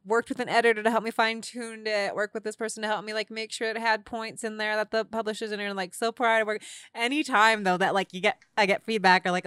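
Smooth-voiced chatty woman host. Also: mid-range voice, no room sound, studio quality. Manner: chatty, animated, many fillers and laughs. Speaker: podcast host. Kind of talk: casual interview chat.

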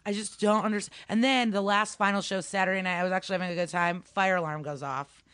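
A woman's voice: medium pitch, fast, clean tone, dry recording. A woman stand-up comedian telling stories in casual chat, acting out the voices of people she quotes. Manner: animated storytelling, acts out quotes.

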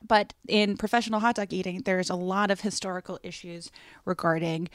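A woman in her thirties co-hosting a podcast, chatting casually with swearing and quick jokes. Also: on the low side, no room sound, clean studio sound. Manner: animated, jokey, swears casually. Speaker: podcast co-host and author.

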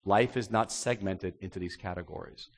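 A male pastor preaching an animated sermon and acting out the voices in the stories he tells. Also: deep voice, moderate pace, big-room sound.

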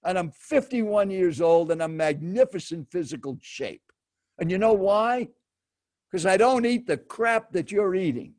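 A man's voice: high-pitched, expressive, unhurried, darkish tone, pitched above the performer's own voice. An older man in his seventies voicing a blunt, middle-aged male lawyer who lectures about food in a scolding, boastful way. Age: 70s.

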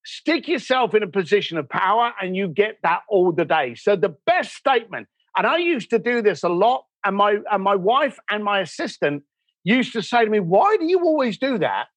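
A man speaking as a podcast guest, animated and storytelling, acting out quoted dialogue as he explains. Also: high voice, normal speed, no room sound. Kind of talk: conversational podcast interview.

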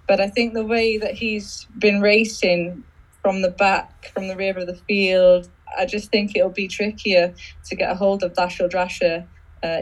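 A woman on a racing podcast panel, calmly weighing two horses before giving her deciding vote. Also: medium pitch, low-quality recording. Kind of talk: casual chat.

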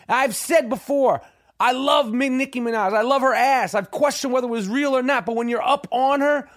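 A man hosting a podcast, telling a profane story in a loud, animated way and acting out other people's lines. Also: no room sound, clean studio sound. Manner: animated, profane, swings pitch acting out quotes. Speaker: podcast host.

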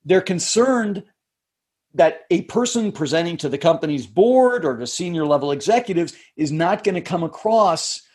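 Husky high-voiced male coach. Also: a little mellow. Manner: measured, explanatory, drops pitch to end points. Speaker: communication coach, podcast guest. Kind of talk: interview conversation.

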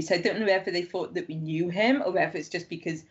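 A woman's voice: lowish voice, fairly even intonation, quick pace, few pauses. Chatty woman, muffled recording. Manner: rambling anecdotes full of "like", acting out quoted voices. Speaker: guest author. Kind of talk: casual chat. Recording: muffled lo-fi sound.

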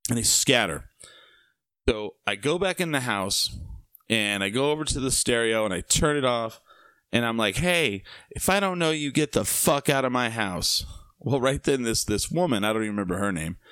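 A man's voice: medium pitch, a bit bright, dry recording. A young man telling a rambling party story casually, full of fillers, asides and swearing.

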